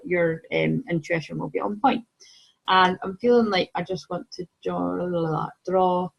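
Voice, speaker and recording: A woman's voice: on the low side, breathy edge, low-quality recording. A woman giving a casual weekly tarot card reading, chatty and rambling with lots of fillers and self-corrections.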